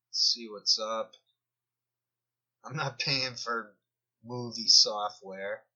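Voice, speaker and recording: A man drawls slowly through rambling commentary over a screen recording, often trailing off mid-thought. His low voice has a sharp, tense edge. The recording sounds dull and lo-fi. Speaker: video commentator.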